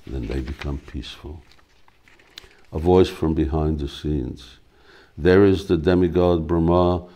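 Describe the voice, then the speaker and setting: A man, a spiritual teacher, reading a devotional play aloud with measured, steady narration. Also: rumbling low.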